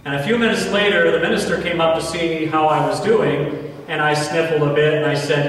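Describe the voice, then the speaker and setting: A man in his forties with an American accent, a priest telling a personal story in a homily, earnest and slow with emphatic pauses. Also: on the high side, fairly even intonation, a bit bright, a little hiss or hum. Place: large church. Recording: echoey church hall from far off.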